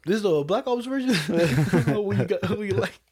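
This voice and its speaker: A young man casually telling stories with a lot of swearing, his voice jumping high whenever he quotes someone. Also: moderate pace, slight background noise. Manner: animated, swearing, jumps way up in pitch when quoting people. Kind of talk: casual storytelling chat.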